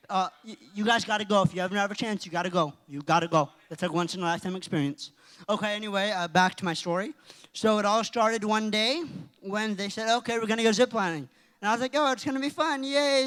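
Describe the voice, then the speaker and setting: A teenage boy giving a youth-group talk, telling rambling, excitable stories. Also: high-pitched. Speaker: youth speaker. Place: church hall. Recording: reverberant hall.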